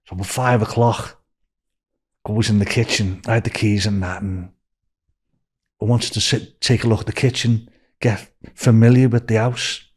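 A man in his sixties from Liverpool with a Scouse accent, a podcast guest telling a story in an animated way, acting out what people said. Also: on the low side, moderate pace, husky. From Liverpool, England. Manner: animated, acts out quoted speech in a raised voice. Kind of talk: anecdotal storytelling.

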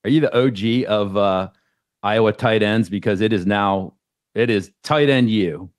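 A man hosting a talk show, asking his guest questions in a relaxed, casual way. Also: fairly low pitch, unhurried, no echo, clean studio sound. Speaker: show host. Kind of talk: casual interview.

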